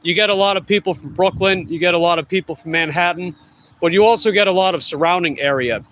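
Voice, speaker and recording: A man's voice: high-pitched, fast talker, fairly bright tone, a little hiss or hum, poor audio. A middle-aged man with a Long Island New York accent chatting casually with viewers while out on delivery, rambling and correcting himself. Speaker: delivery rider vlogger. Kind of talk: casual chat answering live viewers.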